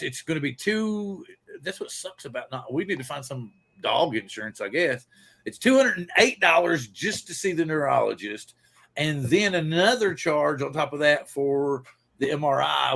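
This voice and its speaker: A man's voice: mid-range voice, animated, normal speed, gravelly, fairly bright tone. Chatty man greeting his live viewers. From Pacific Northwest. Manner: rambling, greets viewers by name. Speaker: livestream host. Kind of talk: casual live-stream chat.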